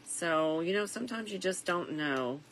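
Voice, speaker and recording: A tired middle-aged woman talks through a wreath craft in an unhurried, reflective way, dotted with fillers. Her voice sits low but has a bright, clear edge. A faint hiss runs underneath. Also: animated, low-quality recording. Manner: soft-spoken and reflective, with frequent fillers. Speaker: craft vlogger. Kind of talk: casual crafting chat.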